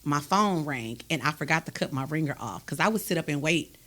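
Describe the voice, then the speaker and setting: A woman, hosting a podcast and telling a personal story in a candid, animated, emphatic way. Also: deep voice, brisk. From Texas, USA. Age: adult, raised a grown son. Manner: emphatic and animated, with frequent "do you understand me?". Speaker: podcast host.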